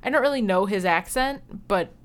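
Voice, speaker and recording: A woman's voice: medium pitch, moderate pace. A woman in her thirties co-hosting a casual podcast chat, telling stories bluntly and swearing freely. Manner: blunt, profane storytelling. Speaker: podcast co-host.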